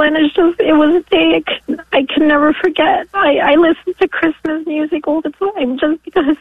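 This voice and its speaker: Caller, woman in her 40s, high voice, thin phone-line sound, halting and emotional. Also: steady tone, no echo. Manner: emotional, halting, sometimes tearful. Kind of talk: call-in radio testimony. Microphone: telephone. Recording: dry tinny phone line.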